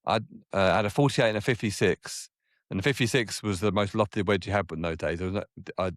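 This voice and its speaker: A man's voice: on the low side, brisk, no room sound, clean studio sound. A man in his forties, a golf coach telling rambling stories as a podcast guest, correcting himself and acting out other people. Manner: rambling, self-correcting, acts out quoted people in a raised voice. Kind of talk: casual anecdotal storytelling.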